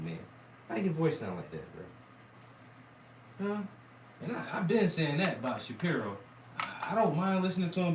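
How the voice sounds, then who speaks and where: A hoarse man rambles through a crude, mocking reaction rant with a lively, swooping delivery and a fairly high voice. He sits some way back from the mic in a roomy, echoing space, with a faint hiss underneath. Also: far from the mic. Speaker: commentator reacting to debate clips. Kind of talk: profane reaction commentary.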